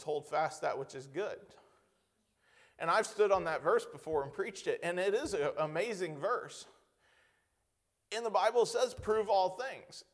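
A man preaching a conversational sermon, asking the congregation rhetorical questions and reading scripture slowly with emphasis. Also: a little high, creaky.

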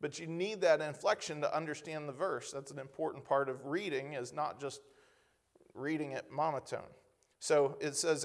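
A man preaching a conversational sermon, asking the congregation rhetorical questions and reading scripture slowly with emphasis. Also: on the high side.

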